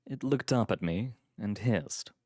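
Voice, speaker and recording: A man reading a first-person story aloud in a calm, measured storytelling manner. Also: on the low side, no echo, studio quality. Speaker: story reader.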